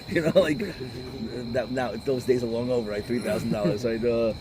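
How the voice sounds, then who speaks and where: A middle-aged man, a rabbi, giving an informal talk full of stories, combative and animated, sprinkling in Yiddish and Hebrew words. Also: medium pitch, moderate pace, crowd noise, low-quality recording. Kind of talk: informal lecture with storytelling.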